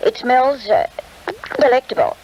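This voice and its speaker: A woman's voice: a little high, expressive, unhurried, darkish tone, breathy edge, muffled recording, pitched above the performer's own voice. An older woman voicing an elderly country grandmother, reading her lines lightly in a raised voice while dictating. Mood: wistful.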